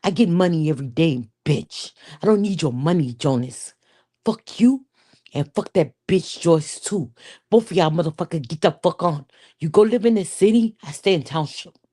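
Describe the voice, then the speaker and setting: A woman's voice: sits low, lively intonation, normal speed, warm tone, breathy edge. A woman voicing a scorned township woman who rants at her cheating man in a put-on foreign accent, cursing constantly. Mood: furious. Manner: foul-mouthed ranting, put-on foreign accent.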